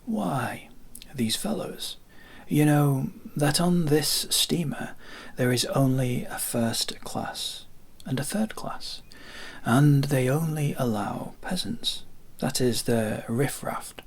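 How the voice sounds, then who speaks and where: A man's voice: mid-range voice, slow pace, husky, in a whisper, pitched above the performer's own voice. A man voicing a sick, ironic passenger who mocks and boasts. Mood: scornful. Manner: mocking, sardonic.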